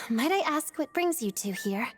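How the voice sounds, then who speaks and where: A woman's voice: fairly high pitch, animated, measured pace, soft background music. An actress playing a proud, reserved young woman performer in a game. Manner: cool, reserved. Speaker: game character.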